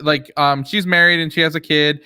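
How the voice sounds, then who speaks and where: Bright, smooth-voiced hesitant male co-host. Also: a little high, steady tone. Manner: hesitant, many "um" pauses. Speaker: podcast co-host. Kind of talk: casual chat.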